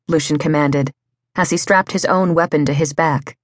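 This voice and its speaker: A woman reads a novel as an audiobook, in a dramatic, measured way. Her voice is low and husky. The recording is dry and close, with no room sound. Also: dry recording. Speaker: audiobook narrator. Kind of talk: scripted audiobook narration.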